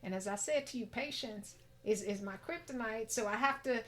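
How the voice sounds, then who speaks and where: A middle-aged woman guest in a casual interview, talkative and reflective, breaking into laughter. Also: normal speed. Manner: talkative, reflective, laughs and pitch jumps when excited.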